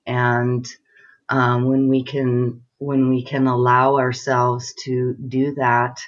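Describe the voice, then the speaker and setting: A calm man co-hosts a spiritual podcast, speaking slowly and meditatively with many pauses and fillers. His voice stays flat and even, and the audio is slightly dull and lo-fi. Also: medium pitch. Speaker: podcast co-host.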